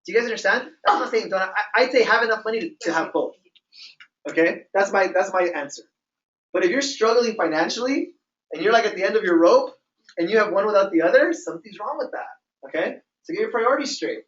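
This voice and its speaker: Speaking quickly in a high-pitched, expressive and slightly bright voice, a male business trainer coaches a live audience in a meeting room. The motivational talk is repetitive and emphatic, with regular "okay?" check-ins, recorded from afar so it comes across roomy and dull.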